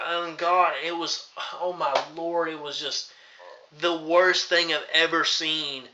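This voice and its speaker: A man's voice: fairly high pitch, bright, forceful tone. A man recapping a wrestling show in an exasperated, rambling rant full of fillers. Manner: exasperated ranting, filler-heavy. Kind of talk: ranting recap vlog. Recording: dull lo-fi recording.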